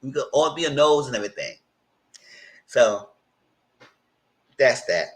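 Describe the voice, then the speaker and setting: A chatty man speaking, recapping a reality show in loose, conversational commentary. His voice sits at a middle pitch, neither high nor low. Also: expressive, a little slow, rough recording. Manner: chatty and conversational, breaks into high mock voices when quoting.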